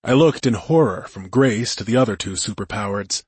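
A man narrating a first-person audiobook in a calm, measured way. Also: on the low side, slightly rough, no echo.

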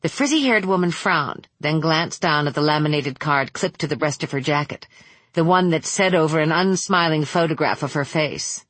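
A woman narrating a novel aloud in a measured, steady reading voice. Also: low voice, no echo. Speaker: audiobook narrator. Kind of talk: scripted narration.

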